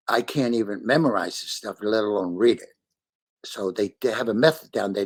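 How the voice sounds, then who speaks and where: A man, a podcast guest, telling stories in a casual interview, animated, acting out his own lines and swearing freely. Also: mid-range voice.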